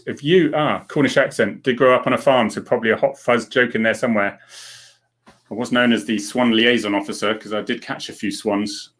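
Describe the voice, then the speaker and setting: Chatty English ex-police sergeant, rambling. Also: male voice, mid-range voice, fairly bright tone. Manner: rambling, chatty, many fillers and restarts. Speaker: podcast host, former police sergeant. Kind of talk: casual live-stream chat answering viewer questions.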